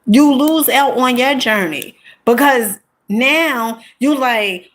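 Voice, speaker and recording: Woman vlogger, slightly high pitch, emphatic, chatty storyteller with frequent "honey" and "okay?" asides. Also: takes it slowly, hardly any pauses. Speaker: content creator. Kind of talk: casual storytelling monologue.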